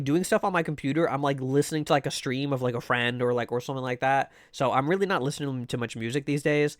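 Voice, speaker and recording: A man's voice: medium pitch, a bit bright, no echo. Rambling male streamer, dry sound. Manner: rambling, many fillers and restarts. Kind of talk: casual chat with live viewers. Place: home room.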